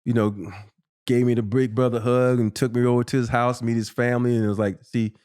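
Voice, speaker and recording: A man in his fifties, a former pro athlete, tells stories in a casual interview with lively, profane energy. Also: medium pitch, brisk, clear, resonant tone. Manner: animated, profane storytelling, acting out quotes with laughter. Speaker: interview guest, former pro basketball player. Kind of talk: casual storytelling in a podcast sit-down.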